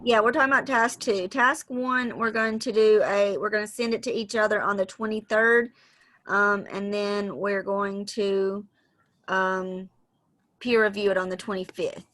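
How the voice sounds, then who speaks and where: A woman's voice: mid-range voice, fairly even intonation, measured pace, a bit bright, rough recording. Woman walking a group through deadlines. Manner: explains deadlines step by step, with frequent ums. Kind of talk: casual planning call. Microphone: video call.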